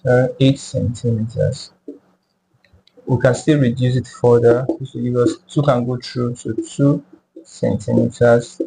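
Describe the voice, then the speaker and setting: A man slowly working through a math tutorial step by step, repeating each number aloud as he goes. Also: mid-range voice, gravelly, dark tone, a little hiss or hum, poor audio. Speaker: math teacher.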